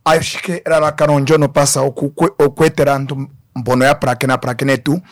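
A man's voice: medium pitch, little pitch movement, brisk, dry recording. A man speaking as a guest pastor in a radio studio, preaching fervently to the listeners. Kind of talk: radio ministry broadcast.

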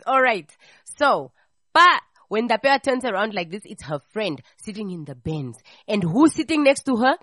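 A woman hosting a radio call-in show, chatting casually and telling a gossipy story with lively voices for the people in it. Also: fairly high pitch, normal speed, no echo, clean studio sound. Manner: animated, acts out the people in her stories.

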